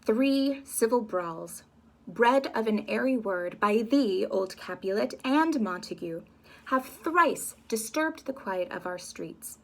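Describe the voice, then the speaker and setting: A woman voicing a stern male prince who rules a city, proclaiming his orders in a loud, slow, commanding way. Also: on the high side, animated, exaggerated voice.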